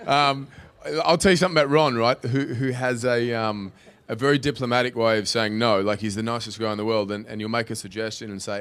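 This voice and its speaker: A man's voice: medium pitch, steady tone, fairly quick, fairly bright tone, clear, resonant tone. A man, an actor on a panel, answering questions in a rambling way with many restarts.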